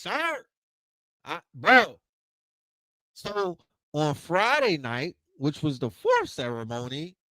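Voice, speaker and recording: Animated, profane man telling stories, dry sound. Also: high-pitched, no room sound, low-quality recording. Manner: animated, profane street slang, repeats himself. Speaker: lecture host. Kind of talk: casual storytelling lecture. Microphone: video call.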